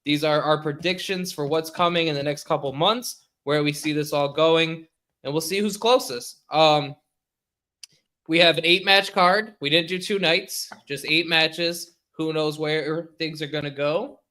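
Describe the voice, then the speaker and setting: A man's voice: a little high, unhurried, sharp tone. A man co-hosting a podcast over a remote call, telling stories in casual chat and laughing often. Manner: laughing storyteller. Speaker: podcast co-host.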